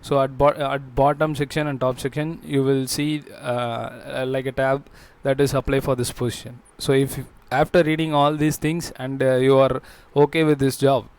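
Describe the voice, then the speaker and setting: Male host, smooth even-pitched voice, explains a screen walkthrough haltingly with lots of pauses. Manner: halting, with frequent fillers and restarts. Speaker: job-listings channel host.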